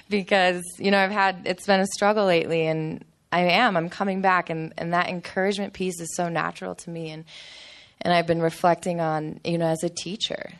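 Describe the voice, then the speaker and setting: Teacher lady talking casual and earnest, kinda low voice, lots of likes. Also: flat delivery, brisk. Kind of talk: casual personal sharing.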